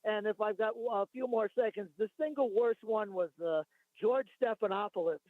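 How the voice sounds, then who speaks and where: A male caller phones in to talk radio and argues his points at length, sometimes reading from notes. His voice is high. It comes through a thin phone line with a dry sound. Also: moderate pace, dry recording. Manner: rambling, argumentative, reads from notes.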